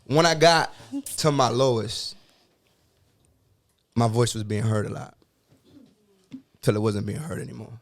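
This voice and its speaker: A young man hosts a podcast in a mid-pitched voice and talks with raw intensity. His speech is profane and emotional, and he circles back to repeat his points. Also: a little slow, gravelly, long pauses. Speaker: podcast host. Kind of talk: emotional casual talk.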